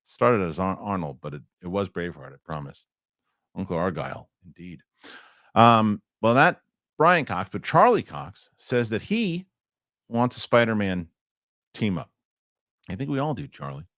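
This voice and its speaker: A lively man co-hosts a live entertainment news show, chatting casually with jokes and rambling asides. His voice sits a little low and swings widely in pitch. The sound is dry and close. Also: normal speed, long pauses, no echo. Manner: animated, joking, rambling asides.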